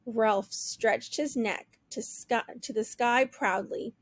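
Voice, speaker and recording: A woman teacher reading a children's book aloud with clear, expressive storytelling. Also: medium pitch, takes it slowly, hardly any pauses, no room sound. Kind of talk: children's read-aloud narration.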